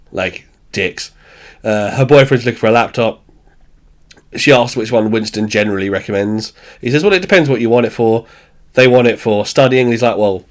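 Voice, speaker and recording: A man co-hosting a podcast, recapping a sitcom in casual chat, blunt and sweary, acting out lines with laughter. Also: medium pitch. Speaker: podcast co-host.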